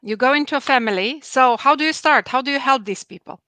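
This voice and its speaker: A woman hosting a live-stream interview, speaking in a measured, affirming way with frequent fillers over a video call. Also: sits high, pushed and bright, no room sound.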